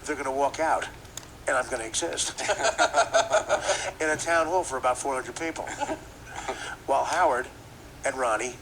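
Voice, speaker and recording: A man's voice: medium pitch, unhurried, long pauses, a bit bright, a little hiss or hum, rough recording. A man hosting a podcast, riffing through a profane comedic rant and laughing at his own jokes. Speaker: podcast host.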